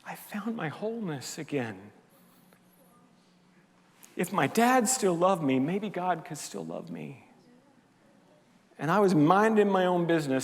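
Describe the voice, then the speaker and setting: Older male pastor sharing a candid testimony. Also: on the high side. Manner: candid storytelling, confessional and heartfelt. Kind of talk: sermon with personal testimony. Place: church sanctuary. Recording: long hall reverb.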